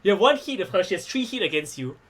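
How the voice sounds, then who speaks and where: A man with a high, husky voice and big pitch swings serves as game master for a tabletop wrestling game. He narrates playfully, swears, and is quick to crack jokes.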